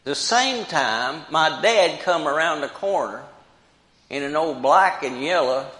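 An older man preaching a sermon slowly and emphatically, repeating key phrases for weight. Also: on the high side, lively intonation, a bit bright. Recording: roomy hall with long reverb.

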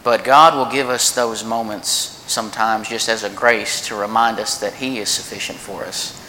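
A man in his thirties filling in as preacher, telling a personal story in an earnest, conversational way with frequent restarts and pauses. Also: steady tone, bright, forceful tone. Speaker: preacher filling in at a church service. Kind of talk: informal sermon with a personal story. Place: church meeting room. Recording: distant voice in a reverberant church hall with faint background rumble.

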